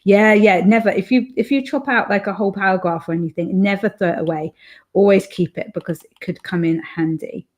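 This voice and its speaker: A woman's voice: mid-range voice, steady tone, fairly quick. A middle-aged woman, casually chatting on her live stream and reading out viewer comments, with lots of fillers. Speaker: author and livestream host.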